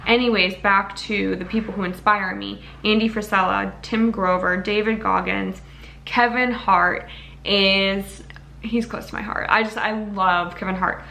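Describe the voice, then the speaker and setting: A woman's voice: mid-range voice, steady tone, a little slow, gravelly, bright, forceful tone. A young woman vlogging to camera in an earnest, rambling, emotional way. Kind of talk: casual talking-to-camera vlog.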